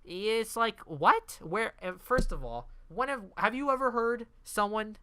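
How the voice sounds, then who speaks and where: A man's voice: high voice, animated, unhurried, pushed and bright, clean tone, dry recording. A man casually reviewing a movie in a profane, exasperated rant.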